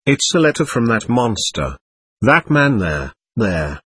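A man's voice: medium pitch, big pitch swings, measured pace, fairly bright tone, a little hiss or hum. A man reading as a hysterical young woman. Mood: frantic. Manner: urgent, breathless pleading.

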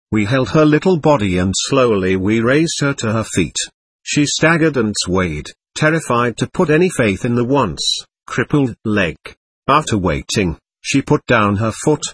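A man narrating a story aloud with a husky, slightly breathy voice and lively rising and falling pitch. His telling is gentle and expressive, recorded dry and close with no room sound. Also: dry recording.

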